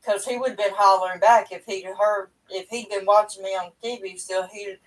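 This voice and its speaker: A woman's voice: medium pitch, fairly even intonation, moderate pace. A middle-aged woman, chatting in a rambling, folksy way to her livestream viewers from home over a webcam. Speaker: livestream host. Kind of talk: casual chat to viewers. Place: at home indoors. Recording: voice a bit far from the mic.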